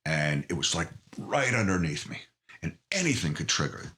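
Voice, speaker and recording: A middle-aged man with a very low, forceful voice, answering interview questions with earnest openness. He talks in halting bursts, often restarting his sentences. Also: very animated, slight background noise. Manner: earnest, emotionally open, halting. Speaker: podcast guest. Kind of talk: candid interview conversation.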